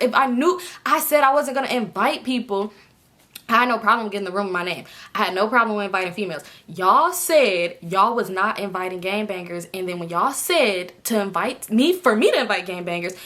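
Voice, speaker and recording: A bright, forceful woman in her twenties spins a story straight to her viewers. She is animated and swears freely, and her voice leaps up high whenever she acts out someone else. Her pitch sits mid-range for a woman. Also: a little fast. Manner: animated, jumps high in pitch when acting out others. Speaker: storytime vlogger. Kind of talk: casual storytelling to camera.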